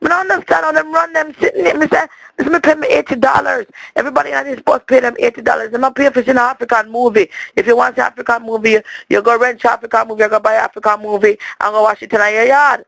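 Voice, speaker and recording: A fussy Jamaican woman, played by a man, rants her way through a long voicemail, tripping over her words as she complains. Her voice sits very high with a gravelly edge. The sound is dry and close, with no room around it. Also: little pitch movement, fast talker, fairly bright tone, no room sound, full character voice, rough recording. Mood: exasperated. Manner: rambling, stammering, complaining. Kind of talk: comic monologue as a voicemail.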